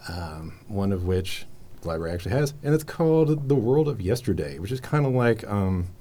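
A man's voice: on the low side, sing-song, a little fast, warm tone. A man hosting a casual library podcast, chatting in a rambling, enthusiastic way full of fillers. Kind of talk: casual chat.

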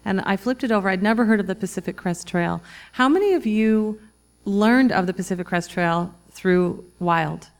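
A woman in her forties, an author telling a personal story to a live audience in a reflective, halting way, with many restarts and fillers. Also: medium pitch. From Minnesota, US. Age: 40s. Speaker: author giving a talk.

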